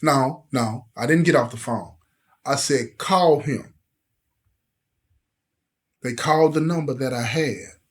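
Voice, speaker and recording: A man's voice: medium pitch, takes it slowly, long pauses. A middle-aged man, telling a personal story with intensity and acting out the voices of the people in it. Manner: emotional, intense, acts out quoted voices. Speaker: host telling his life story.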